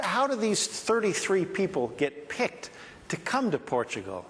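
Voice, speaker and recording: A man's voice: sits high, wildly swooping pitch, unhurried, fairly bright tone. A man hosting a conference, introducing the next performer with chatty, upbeat patter. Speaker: conference host introducing acts. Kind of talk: stage introduction. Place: large conference hall. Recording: long hall reverb with faint audience.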